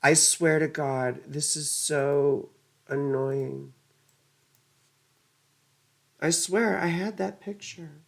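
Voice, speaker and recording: A woman's voice: sits low, drawn-out words, vocal fry, pauses often. A woman astrologer giving a casual astrology lesson, easily flustered, muttering curses and wandering into rambling asides.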